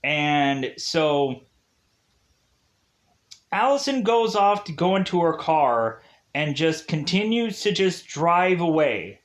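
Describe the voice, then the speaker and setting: A man's voice: a little high, sing-song, slow pace. A man casually recapping a TV episode in a rambling way, using lots of filler words, laughing at his own jokes and acting out the characters' lines in mocking voices. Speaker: TV review host.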